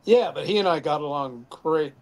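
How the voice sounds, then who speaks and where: Older man spinning lively anecdotes. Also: a little high, moderate pace. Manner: animated anecdotes with acted quotes and chuckles. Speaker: former band member guest. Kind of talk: casual storytelling interview.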